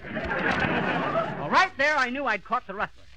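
A man's voice: very high voice, very animated, takes it slowly, heavy background noise, heavily acted. A man playing a boastful small-town braggart in a 1940s radio comedy, folksy and blustering. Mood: bragging. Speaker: comedy lead.

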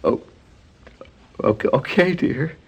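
An actor playing a paranoid, bitter older man who rants and stammers, lurching between loud outbursts and hushed mutters, in a radio drama. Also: mid-range voice, lively intonation, slow, slightly rough, heavily acted. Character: bitter paranoid old man, armed, hoarding.

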